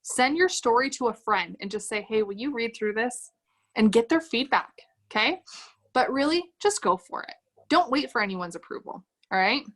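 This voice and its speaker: A woman's voice: on the high side, animated, moderate pace, fairly bright tone. A woman leading a sales team on a livestream, giving an upbeat motivational talk and reading comments from the chat aloud. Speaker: direct-sales team leader.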